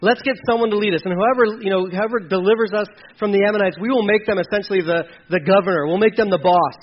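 A man's voice: high-pitched, fast, husky, highs cut off. A man teaching a sermon in a conversational way, reading scripture aloud between plain explanations with fillers and restarts. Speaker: preacher.

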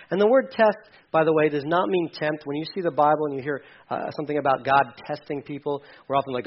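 Man pastor in his thirties, high voice, chatty preaching with loud peaks, dull lo-fi recording. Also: fast talker. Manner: conversational preaching with emphatic bursts. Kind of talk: sermon. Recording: dull lo-fi sound.

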